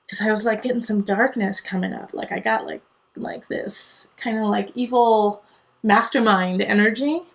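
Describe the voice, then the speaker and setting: With a mid-range, creaky voice at normal speed, a woman who is a parent gives an easygoing tarot reading. She's earnest and digressive, offering both encouragement and tough love.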